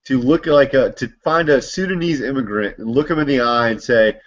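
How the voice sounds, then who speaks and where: A man in a political discussion talking in a lively, incredulous way and quick to laugh. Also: mid-range voice. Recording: muffled lo-fi recording.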